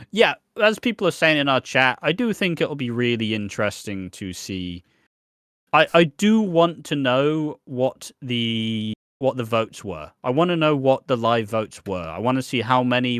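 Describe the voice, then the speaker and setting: A man co-hosting a casual soap opera podcast, joking and acting out characters' lines in a dry, deadpan way. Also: mid-range voice, normal speed, no room sound. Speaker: podcast co-host. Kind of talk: casual chat.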